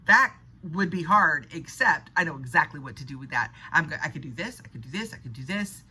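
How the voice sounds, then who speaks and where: Bright-voiced woman giving a pep talk. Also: deep voice, expressive, a little fast, a little hiss or hum, low-quality recording. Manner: earnest, conversational, laughs at herself. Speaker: spiritual vlogger. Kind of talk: unscripted motivational monologue.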